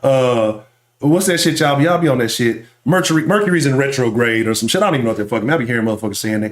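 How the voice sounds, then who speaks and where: A man with a Houston accent hosting a live sports talk stream, ranting loudly and profanely while reading the chat. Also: medium pitch, sing-song, fast talker, echoey room. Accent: Houston Texas. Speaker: sports talk show host.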